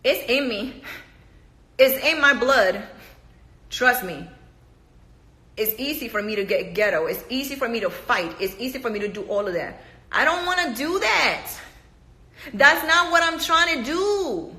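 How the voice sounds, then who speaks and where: A woman vents to camera, blunt, emphatic and full of profanity. Her voice is bright and forceful, and it rings around an echoey room. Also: fairly high pitch, animated, a little slow, long pauses. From Panama. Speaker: reality TV cast member. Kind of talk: casual profane rant to camera.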